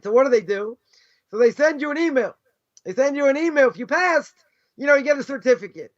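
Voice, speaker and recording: A middle-aged rabbi teaches in an easygoing, conversational way, tossing in rhetorical questions and constant "you know"s. His voice sits unusually high for a man. The recording is dull and lo-fi. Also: animated, quick pace. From United States. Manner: chatty, peppers talk with "right?" and "you know", asks rhetorical questions. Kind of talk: casual conversational Torah lesson.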